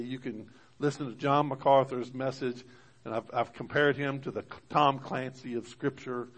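Man preaching a casual sermon. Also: mid-range voice. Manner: conversational preaching, rising loud when reading scripture. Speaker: pastor.

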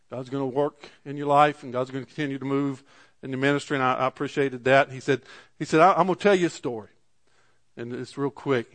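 A middle-aged male pastor preaching a sermon, telling a story in an earnest way and rising to fervent preaching. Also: mid-range voice.

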